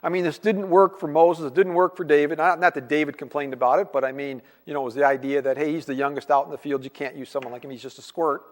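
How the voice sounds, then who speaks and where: A male pastor with a high, light voice delivers a conversational sermon, slipping into the voices of the people he quotes. His words ring out with a long reverb from the church hall around him. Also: steady tone, fast talker, hardly any pauses. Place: church sanctuary.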